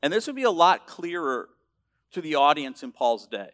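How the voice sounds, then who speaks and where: A male pastor preaching a sermon, emphatic and building to loud declarations, with frequent restarts. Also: a little high, big pitch swings, normal speed.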